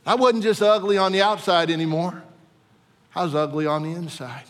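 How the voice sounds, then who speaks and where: A man from Virginia preaching a sermon as a pastor, telling a personal testimony that swings from hushed to impassioned. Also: sits high, steady tone, a little fast, big-room sound. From Virginia, USA.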